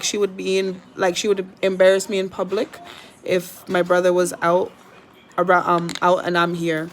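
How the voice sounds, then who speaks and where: A woman's voice: medium pitch, slight background noise. A young woman, chatting casually and rambling to camera at home about her pet parrot.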